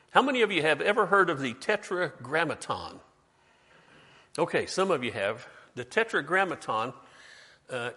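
A man's voice: a little high, sharp tone. A man preaching a sermon in a conversational way, quizzing his congregation and slipping in joking asides. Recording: long hall reverb.

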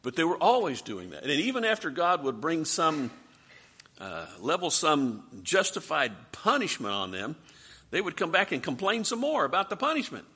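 Husky, lively-voiced male preacher. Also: a little high, normal speed. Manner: expressive, rhetorical questions, dramatic swings in volume. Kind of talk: sermon.

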